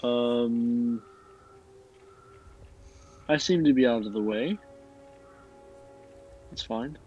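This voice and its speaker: A man playing a tabletop game, speaking hesitantly with many pauses and fillers. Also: mid-range voice, warm tone, husky, faint music behind. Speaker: player. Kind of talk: casual tabletop play. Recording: slightly dull lo-fi audio.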